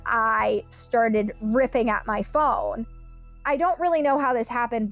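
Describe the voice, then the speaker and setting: A young woman who is a podcast guest, telling a personal story and retelling events through quoted dialogue. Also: on the high side. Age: young adult. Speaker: podcast guest, victim advocate.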